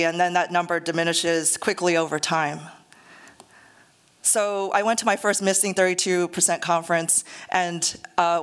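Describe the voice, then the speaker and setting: A woman's voice: lowish voice, a bit bright, smooth. A middle-aged woman giving a public lecture to an audience, earnest and conversational with touches of self-deprecating humor.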